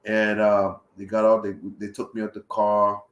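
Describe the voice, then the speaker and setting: A man's voice: fairly low pitch, moderate pace, highs cut off. A young man telling a travel story in casual, profane talk, acting out his own reactions as he goes. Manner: profane, animated retelling with voiced reactions. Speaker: travel vlogger. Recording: roomy echo.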